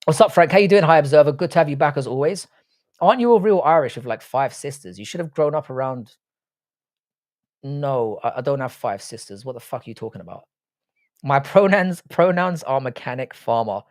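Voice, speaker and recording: A man's voice: medium pitch, animated, a little fast, darkish tone. Blunt, swearing man hosting a stream. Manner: blunt, swears freely, rambling with restarts. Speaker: livestream host. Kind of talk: casual live chat reading comments.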